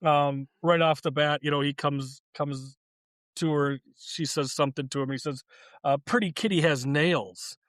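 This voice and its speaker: A man's voice: on the high side, flat delivery, normal speed, fairly bright tone, clear, resonant tone, dry recording. A man co-hosting a casual podcast chat, talking enthusiastically, laughing often and retelling scenes. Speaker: podcast co-host.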